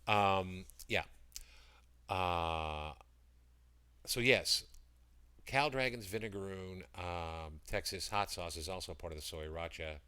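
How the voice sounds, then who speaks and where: A man's voice: sits low, slow, pauses often, sharp tone, clean tone. A man selling products on a casual livestream, rambling and greeting chat viewers by name as he talks. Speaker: livestream seller. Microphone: computer mic.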